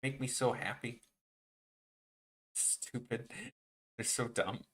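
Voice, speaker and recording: A man's voice: mid-range voice, slow pace, fairly bright tone. A man chatting casually with viewers on his animation live stream, rambling and joking, often trailing off mid-sentence.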